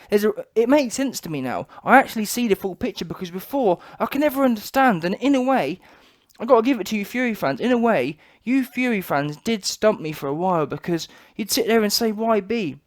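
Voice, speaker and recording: A British man with a British English accent, ranting in an emphatic, repetitive and mocking way on a boxing vlog. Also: sits high. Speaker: boxing vlogger. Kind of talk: opinionated vlog rant.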